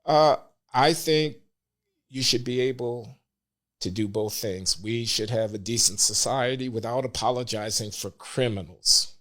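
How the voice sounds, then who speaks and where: An older man as a podcast guest, speaking earnestly and in measured terms. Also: mid-range voice, fairly bright tone. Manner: earnest, measured, grows emotional. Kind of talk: casual podcast interview.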